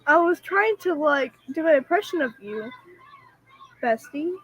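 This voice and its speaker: Bright, giggly young woman. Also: very high-pitched, expressive, unhurried, a little hiss or hum. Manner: giggly and chatty, says like and bestie. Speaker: player chatting with an AI character. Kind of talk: casual role-play chat.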